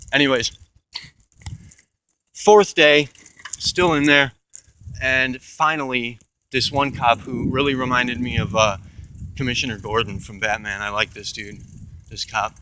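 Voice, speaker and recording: Young man, rambling profane storyteller with a bright, pushing edge to the voice. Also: medium pitch, fairly even intonation, moderate pace, a little hiss or hum, poor audio. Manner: profane, rambling, with restarts and asides. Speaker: channel host.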